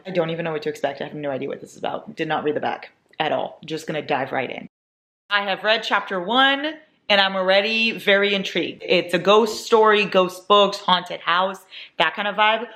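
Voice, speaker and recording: Chatty, excitable young woman vlogger. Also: deep voice. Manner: chatty, excitable, swears casually, says "like" often. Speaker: book vlogger. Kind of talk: casual reading vlog. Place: home kitchen at night.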